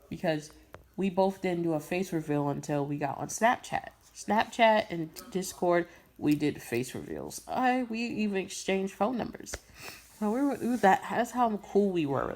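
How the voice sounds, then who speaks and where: This voice impression creator is a young Brooklyn woman with a lowish, somewhat dark tone. Her casual story wanders along, full of repetitions, slang, and small bursts of laughter.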